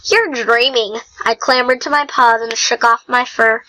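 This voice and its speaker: A woman reading a novel aloud in an unhurried, homemade style, with small slips and throat-clearing. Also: fairly high pitch, fairly even intonation, bright, forceful tone, low-quality recording. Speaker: reader. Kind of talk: amateur audiobook reading.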